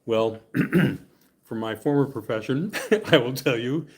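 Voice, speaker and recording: A man at an ordinary middle pitch leads a Bible study in a loose, conversational way. He reads scripture aloud, breaks off to explain it with jokes, and keeps checking in with his class. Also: lively intonation, unhurried, darkish tone, slightly rough. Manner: chatty and joking, often laughing and checking in with "okay?". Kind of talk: casual Bible study teaching and scripture reading.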